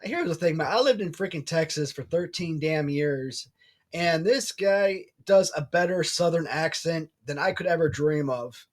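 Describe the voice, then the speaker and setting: Male vlog host, casual rambling delivery, blunt and swears a lot, slightly high voice. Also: normal speed. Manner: blunt, opinionated, swears freely. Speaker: channel host.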